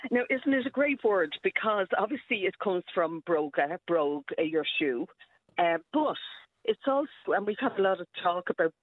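A woman's voice: lowish voice, lively intonation, moderate pace, no room sound. A woman with an Irish accent, a historian guest who explains words with enthusiasm and frequent light laughter. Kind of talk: radio interview over the phone. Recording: tinny, dry phone line.

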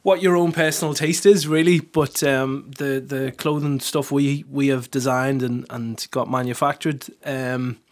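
A man's voice: mid-range voice, steady tone, unhurried, hardly any pauses. A man in his thirties, a country singer guesting on a radio show in a studio, talking in an easygoing, modest way with frequent laughs. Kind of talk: casual radio interview.

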